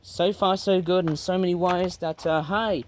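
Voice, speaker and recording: A man's voice: high-pitched, fairly even intonation, moderate pace, a little mellow, a little hiss or hum. A man talking casually and chattily to viewers as he weeds his backyard garden, recording outdoors on a tablet. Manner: chatty, exclamatory, playful word choices. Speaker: gardening vlogger. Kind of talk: casual rambling commentary. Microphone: tablet camera.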